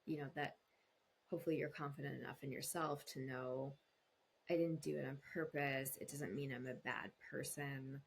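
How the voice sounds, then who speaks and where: A couples therapist appearing on a podcast gives explanatory, conversational answers, her low, gravelly voice steady and at a normal speed. When quoting people, she acts out their voices with big jumps in pitch, and a slight hiss or hum is audible.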